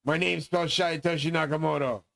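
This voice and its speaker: A man's voice: a little high, fairly even intonation, fairly quick, gravelly, fairly bright tone, no room sound, rough recording. A middle-aged man delivering a rambling, profane, grandiose monologue as host of his own channel.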